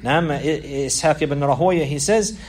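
A man teaching a religious lesson, explaining a classical text, repeating and restarting phrases and reading quoted passages quickly. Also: fairly high pitch, a little mellow, slight background noise.

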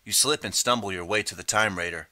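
A man reading a second-person interactive audiobook in steady, measured narration. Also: fairly low pitch, dry recording.

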